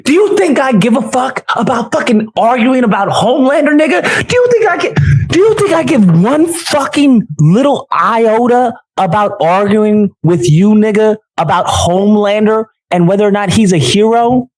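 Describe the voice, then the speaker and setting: A man's voice sits high and leaps all over the place as he rants. He curses constantly and sneers at the person he is arguing with, building a heated tirade of contempt. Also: animated, moderate pace. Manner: loud, mocking, cursing constantly. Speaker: online commentator. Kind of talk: profane heated rant.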